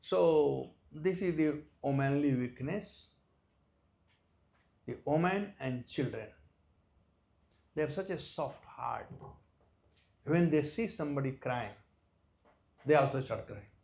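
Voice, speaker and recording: A man with an Indian accent giving a devotional lecture, telling a story with loud stresses and soft drops and nonstandard English grammar. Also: fairly high pitch, takes it slowly, vocal fry, long pauses. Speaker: visiting speaker at a temple.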